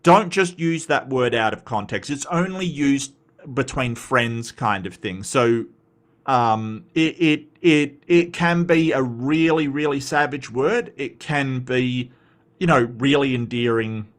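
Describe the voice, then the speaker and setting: A man's voice: mid-range voice, takes it slowly. An Australian man hosting a casual commentary show, rambling and blunt, swearing freely and answering his chat. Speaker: commentary host.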